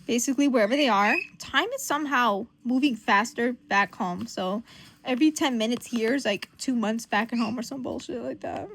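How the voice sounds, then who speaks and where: A woman recapping a comic in casual chat, profane, giggly and animated. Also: fairly high pitch, normal speed, slight background noise. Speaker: comic book reviewer.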